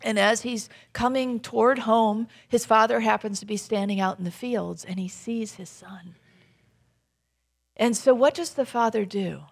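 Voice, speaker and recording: A woman's voice: a little high, a little slow, gravelly. A woman giving a conversational sermon, storytelling and asking the audience questions.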